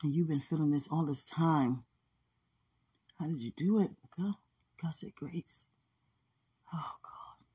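Woman, low mellow voice, tender and prayerful delivery, lots of soft affirming murmurs. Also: unhurried, pauses often, husky. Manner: heartfelt, soft-spoken, prayerful, with frequent murmured agreement. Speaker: podcast speaker. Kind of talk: casual emotional talk about faith and love.

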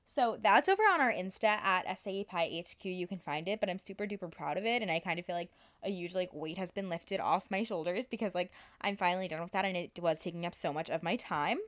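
A woman's voice: fairly low pitch, animated, fast, few pauses, a bit bright. Young woman hosting a podcast, bubbly, says like a lot. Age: young adult. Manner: bubbly, fillers like "like". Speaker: podcast host. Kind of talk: casual podcast chat.

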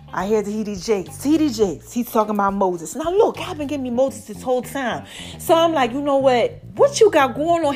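Chatty woman vlog host, high-pitched, lively and talkative, over soft background music. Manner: animated, chatty, preachy asides, lots of "y'all" and "okay?". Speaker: vlogger and podcast host. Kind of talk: casual chat to viewers.

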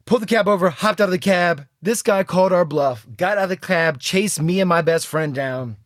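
Young male podcast co-host, casual storyteller, laughs through his stories, slightly high voice. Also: normal speed, no room sound, clean studio sound. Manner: laughs often while telling a story.

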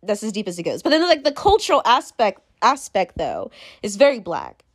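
A woman's voice: mid-range voice, huge pitch swings, moderate pace, no room sound, studio quality. A young woman talking casually to camera in a rambling monologue, full of fillers, restarts and sudden swings.

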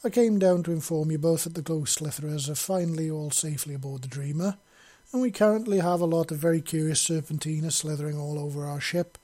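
A man's voice: on the high side, fast talker, warm tone, natural voice. A man reading an audiobook, voicing a feisty female insectoid matriarch with a snappy, wry manner.

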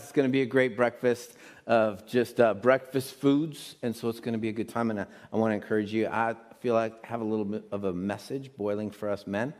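A middle-aged man, a pastor, preaching a sermon in a casual, rambling way with many restarts. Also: lowish voice. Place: church sanctuary. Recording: long hall reverb.

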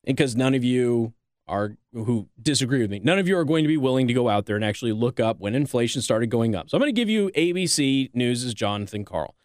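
A man's voice: medium pitch, lively intonation, fairly quick, no echo, clean studio sound. A man hosting a political talk show, delivering opinionated commentary and mocking others in quoted voices.

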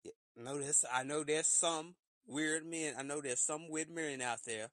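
A man talking in a casual solo rant, animated and slipping into shrill put-on voices for quotes. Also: a little slow, no echo. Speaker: podcast host.

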